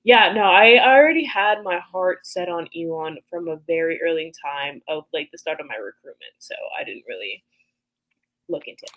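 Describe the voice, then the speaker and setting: A woman's voice: deep voice, lively intonation, normal speed, fairly bright tone, rough recording. A young American woman, a college athlete, telling stories in a casual interview with laughter and acted-out quotes. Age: young adult. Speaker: college hammer thrower.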